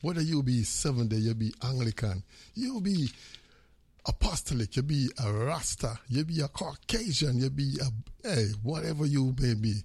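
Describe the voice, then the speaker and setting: A man with a Jamaican accent hosting a radio show, calling out greetings with repeated, animated shout-outs mixed with patois. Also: medium pitch, normal speed, breathy edge.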